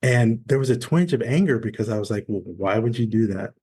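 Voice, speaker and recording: A man in his forties tells his story as a podcast guest. His voice sits low and sounds husky. He speaks candidly and acts out the dialogue of the people in his story. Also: brisk. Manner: candid, animated storyteller acting out quoted dialogue. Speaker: podcast guest, former Navy SEAL. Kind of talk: conversational storytelling interview.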